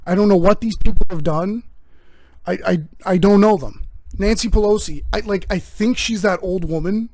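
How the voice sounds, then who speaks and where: A young man hosting his own podcast, rambling through a profane, deadpan comedic monologue. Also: high voice, normal speed, no echo. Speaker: podcast host.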